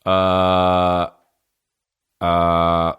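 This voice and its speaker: A man's voice: deep voice, completely flat delivery, very slow, clear, resonant tone, highs cut off. A man hosting a solo comedy podcast, reading out fan questions and riffing in a profane, sarcastic way. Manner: profane, sarcastic, jumps into mocking voices.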